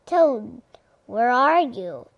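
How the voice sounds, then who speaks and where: A woman voicing an eager, cheerful male frog who calls out excitedly in a storybook reading. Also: fairly high pitch, takes it slowly, no echo, highs cut off. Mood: calling. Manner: excited calling.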